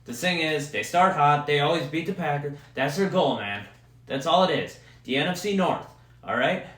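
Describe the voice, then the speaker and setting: A man's voice: a little high, animated, normal speed, fairly bright tone. A man from Wisconsin hosting a solo podcast, ranting about football with heavy profanity. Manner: profane, heated sports ranting. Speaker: podcast host. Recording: roomy echo.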